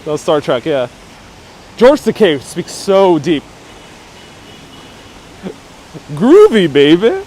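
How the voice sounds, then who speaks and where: A man's voice: fairly high pitch, lively intonation, slow, long pauses, darkish tone, a little hiss or hum. A man hosting a live-streamed walking tour outdoors, chatting and reacting to viewer comments. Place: outdoors on city streets. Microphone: wireless lapel mic.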